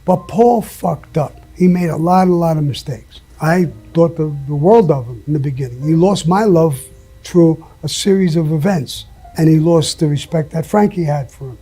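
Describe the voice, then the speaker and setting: Husky man telling blunt stories. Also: fairly high pitch, moderate pace, mellow, soft background music. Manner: blunt, emphatic, swears often, laughs mid-story. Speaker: interview guest. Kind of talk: profane storytelling.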